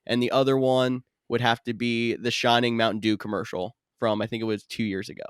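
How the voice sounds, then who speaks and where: A man's voice: medium pitch, little pitch movement, fairly quick, clear, resonant tone, no echo, clean studio sound. A man co-hosting a podcast, adding short, laid-back remarks. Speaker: podcast co-host. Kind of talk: casual chat.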